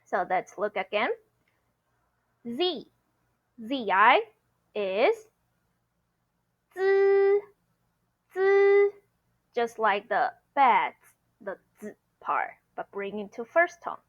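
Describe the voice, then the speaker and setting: A woman teaching a pronunciation lesson, slowly and patiently drilling each sound. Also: mid-range voice, very animated, lo-fi sound. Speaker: Mandarin teacher.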